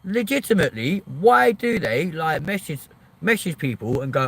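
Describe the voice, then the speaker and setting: A man's voice: a little high, very animated, moderate pace, gravelly, a bit bright, slightly rough. A middle-aged man, hosting a livestream and telling a story in a casual rant, swearing freely and acting out both sides of a phone call. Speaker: livestream host.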